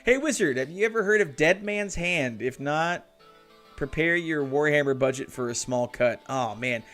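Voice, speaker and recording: Animated man bantering on a live stream. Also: a little high, normal speed, faint music behind. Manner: animated, swears and laughs a lot, reads chat aloud. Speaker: streamer and host of a hobby build stream.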